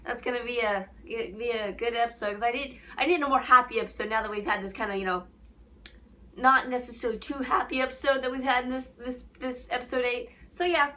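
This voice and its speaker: Young woman, anime review vlog, excitable fangirl, bright ringing voice, higher pitch. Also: brisk. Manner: excitable fangirl gushing with squeals and giggles. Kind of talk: casual episode review chat.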